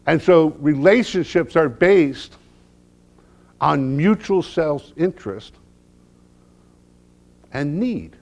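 Middle-aged preacher guy, slow and drawn out, kinda higher voice, goes from quiet to loud, jokes around. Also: expressive. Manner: swings from hushed low lines to loud emphatic peaks; humorous storytelling. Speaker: pastor. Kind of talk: sermon.

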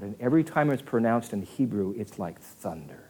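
A man preaching a conversational sermon, asking his listeners questions and swinging from quiet, hushed asides to loud, acted outbursts. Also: on the low side, sing-song, measured pace, slightly rough. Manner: conversational, asks the audience questions.

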